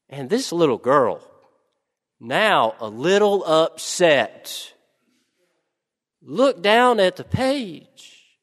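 Slow, deliberate male preacher. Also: high voice, big pitch swings, a bit bright, long reverb tail. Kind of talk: sermon storytelling.

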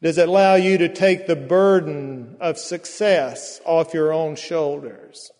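A man's voice: fairly high pitch, a little mellow. A man preaching in a slightly raised voice, taking his time over every phrase. His words ring out with a long reverb, as in a large church sanctuary. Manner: slow, drawn-out storytelling with emphatic pauses. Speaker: pastor. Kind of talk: sermon.

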